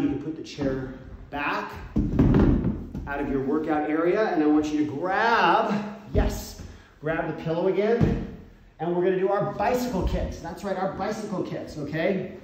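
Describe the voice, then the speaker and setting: A man's voice: fairly high pitch, darkish tone. A man leading a home workout as a fitness coach, counting out reps and encouraging the listener. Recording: very echoey room, mic far off.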